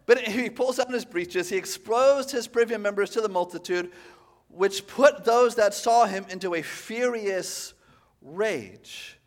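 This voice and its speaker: Male pastor, high-pitched voice, animated conversational sermon delivery. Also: unhurried. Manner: animated, conversational, frequent "right?" asides.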